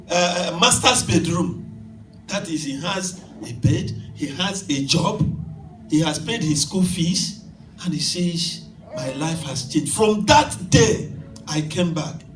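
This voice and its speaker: A man preaching an emphatic sermon and telling a story to a congregation, sometimes rising to shouts. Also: high-pitched, lively intonation, takes it slowly, slight background noise. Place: church hall. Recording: echoey hall from far off.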